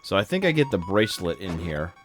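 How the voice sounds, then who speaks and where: A man's voice: low voice, sing-song, fairly quick, soft background music. A man hosting a game stream in casual chat, drowsy and yawning, rambling and correcting himself as he plays. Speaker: streamer host.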